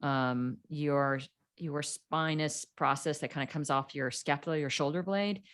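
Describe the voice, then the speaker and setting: Casting note: middle-aged woman guest, slightly low voice, animated storyteller doing quoted voices. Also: measured pace, clean tone. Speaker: podcast guest. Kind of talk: casual storytelling interview.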